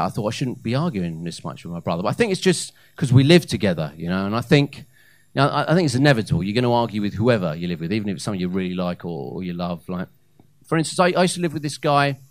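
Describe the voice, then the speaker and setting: A man in his thirties performing a live stand-up set on a comedy club stage into a handheld mic, with hesitant fillers and loud punchlines. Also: lowish voice, expressive, fast talker, dry recording. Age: 30s.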